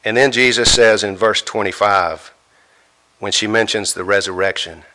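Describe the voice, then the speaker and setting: A man preaching a sermon, emphatic, pausing dramatically as he quotes scripture. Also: on the low side, steady tone, pushed and bright.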